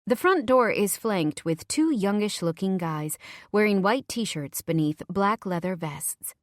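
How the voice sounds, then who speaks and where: A woman reading a first-person audiobook in a measured, low-key way. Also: expressive, no room sound, studio quality. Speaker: audiobook narrator.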